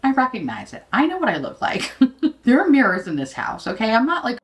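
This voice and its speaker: A woman's voice: on the high side, huge pitch swings, a little fast. A woman in her late thirties chatting as a beauty vlogger, brash and profane, mocking herself and laughing often. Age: late 30s. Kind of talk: casual chat.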